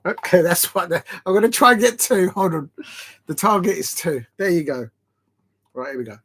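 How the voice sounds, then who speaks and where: A man's voice: sits high, animated, moderate pace, a bit bright, a little hiss or hum. A man chatting on a live football watch-along stream. He rambles, laughs, and sounds tired and short of breath. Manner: chatty and rambling, laughing between tries at headers.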